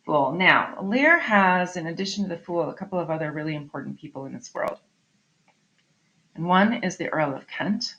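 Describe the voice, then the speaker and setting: A middle-aged woman teaching a recorded online lesson in a chatty, explaining way, often checking in with her students. Her voice sits low with a gravelly edge. The audio is a bit dull and lo-fi. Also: animated, moderate pace, a bit bright. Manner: chatty, explaining with frequent "right?" and "um".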